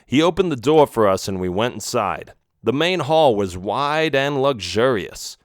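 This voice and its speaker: Expressive man reading a children's story. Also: mid-range voice, unhurried, no room sound, clean studio sound. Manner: first-person, expressive. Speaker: audiobook narrator. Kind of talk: storybook narration.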